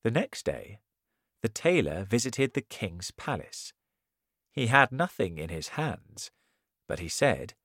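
A man reading a simple story aloud in a slow, clear storytelling manner. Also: on the low side, sing-song, fairly bright tone, no echo, clean studio sound. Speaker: narrator. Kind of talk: scripted story narration.

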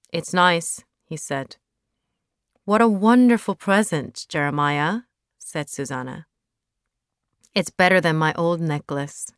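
A woman reads a storybook aloud at an unhurried, deliberate pace. Her voice is smooth and clear, and the recording is close and dry. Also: low voice, no echo. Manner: slow, plain reading with brightened quoted lines. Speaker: narrator. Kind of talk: storybook reading.

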